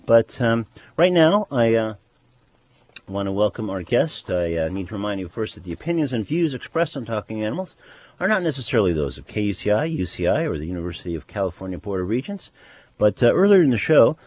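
A man hosting a radio show, speaking haltingly with many pauses and fillers. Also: on the low side, very animated, a little mellow. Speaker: radio host.

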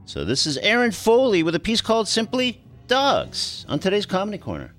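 A man hosting a radio talk show in a studio, lively and hesitant with many fillers. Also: sits high, brisk, faint music behind.

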